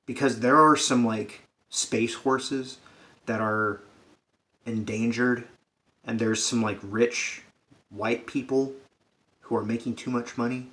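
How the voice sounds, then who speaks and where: A man's voice: medium pitch, fairly even intonation, takes it slowly, pauses often, a bit bright. A man giving a sarcastic, profane comedic rant about a film, acting out characters' lines as he goes. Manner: sarcastic, swears a lot, acts out characters' lines.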